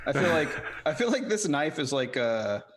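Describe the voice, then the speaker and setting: A man's voice: a little high, very animated, normal speed, a bit bright. A man playing in a tabletop game, chatting casually and playfully with laughs. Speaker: player.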